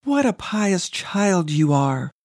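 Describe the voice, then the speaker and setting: A beaming, pious nun offers slow, sugary praise, as a woman reads her lines. Her voice sits low, and the recording is dry and close. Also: big pitch swings, darkish tone, dry recording, exaggerated voice.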